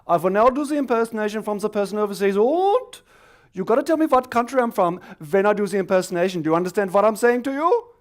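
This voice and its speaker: A man voicing a pompous, indignant middle-aged male German teacher with a mock German accent, loud and clipped. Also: high-pitched, expressive, quick pace, voice pushed up.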